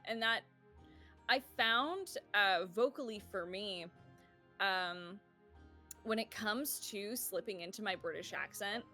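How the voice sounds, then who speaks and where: Bright-voiced woman, casual game-stream chatter, filler-heavy, over light music. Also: mid-range voice, takes it slowly. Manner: chatty, laughing, many fillers. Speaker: player of a tabletop game. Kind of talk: casual chat about character voices.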